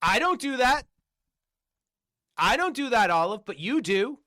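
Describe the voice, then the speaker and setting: A man's voice: very high-pitched, very animated, unhurried, pushed and bright. A man on a livestream delivering an angry, profane rant full of repeated rhetorical questions. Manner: combative, repetitive, profane, hammering rhetorical questions.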